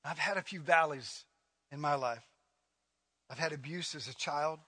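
A man preaching a sermon as a pastor, emphatic, swinging between loud declarations and hushed, quiet passages. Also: on the high side, moderate pace, slightly rough.

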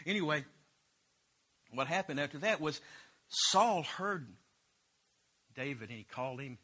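Bright, husky-voiced man teaching scripture. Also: a little high, animated, a little slow, pauses often. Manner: retells scripture in loose everyday talk. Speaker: Bible teacher. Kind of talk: casual Bible teaching.

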